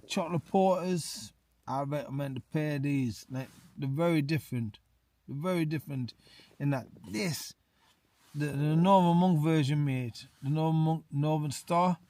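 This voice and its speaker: Brief: man, slightly drunk, chatty vlogger, fairly high voice, close mic in a tent. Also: darkish tone. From England. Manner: chatty, says "mate" constantly, repeats himself. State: tipsy. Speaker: outdoor vlogger. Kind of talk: casual beer review to camera. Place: small tent in winter hills.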